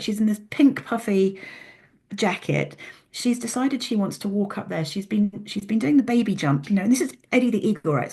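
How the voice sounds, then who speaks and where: A middle-aged woman, a podcast guest, telling a story in an animated way and often restarting her sentences. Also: medium pitch, slightly rough. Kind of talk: casual interview talk.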